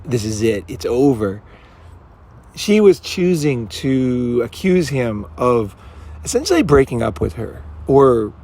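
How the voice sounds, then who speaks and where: A man's voice: mid-range voice, gravelly, darkish tone. A man giving casual, rambling commentary as a dating coach. He talks bluntly, swears freely and keeps asking "right?".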